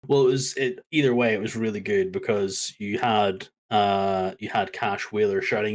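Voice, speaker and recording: A man co-hosting a wrestling podcast, talking casually in an animated, rambling way with many fillers. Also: on the low side, moderate pace, few pauses. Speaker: podcast co-host.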